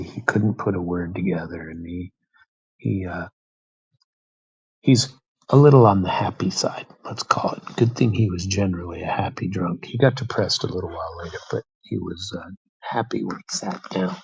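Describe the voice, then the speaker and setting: A man's voice: fairly low pitch, creaky, husky, poor audio. An American man hosting a show, telling a story in a casual, rambling way with many fillers and restarts. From United States. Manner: rambling, repeats words, frequent fillers. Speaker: podcast host.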